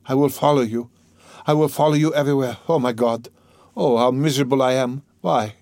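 A man's voice: steady tone, a little fast, a little mellow, no room sound, studio quality, lightly acted. A man reading an audiobook, voicing a distraught, bewildered young woman with a raised, tearful, pleading voice. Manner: high, tearful, urgent pleading. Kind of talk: audiobook character voice.

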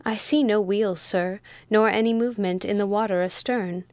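A woman voicing a polite, measured young male first mate in a storybook reading, in a dry close sound. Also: mid-range voice, fairly even intonation, darkish tone, no echo, lightly acted. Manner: respectful, measured.

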